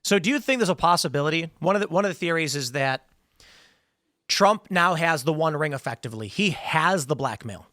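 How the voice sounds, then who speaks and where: A man's voice: on the high side, animated, a little fast, pushed and bright, no room sound, studio quality. A man hosting a podcast, telling anecdotes in a casual, rambling way that often restarts sentences. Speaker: podcast host. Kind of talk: casual political chat.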